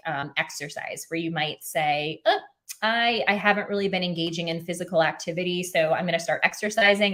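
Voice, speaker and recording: A woman's voice: on the low side, sharp tone. A woman hosting a live video Q&A, speaking earnestly and encouragingly to viewers, with frequent ums and restarts. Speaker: OCD advocate hosting a live Q&A. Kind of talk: live stream Q&A talk.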